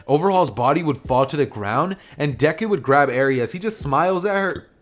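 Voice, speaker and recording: A man's voice: a little high, animated, fairly quick. A young man casually narrating an anime what-if story, rambling with lots of fillers and restarts. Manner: rambling, filler-heavy retelling.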